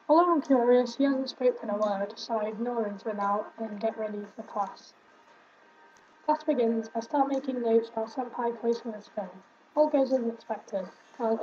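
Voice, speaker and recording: A young woman whose voice is on the high side yet dark in tone streams a game, reading the text aloud and giggling through casual chat and fond asides. The home stream audio is slightly muffled, with slight background noise.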